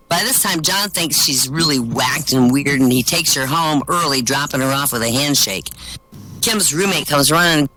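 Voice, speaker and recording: A man's voice: on the high side, normal speed, pushed and bright, poor audio. A man telling stand-up jokes at an open-mic show over online voice chat, chuckling at his own punchlines.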